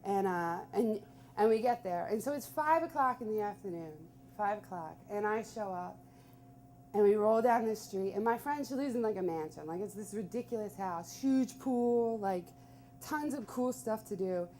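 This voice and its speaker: A young woman telling a personal story live, chatty and animated, full of "like". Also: medium pitch, normal speed, a little hiss or hum.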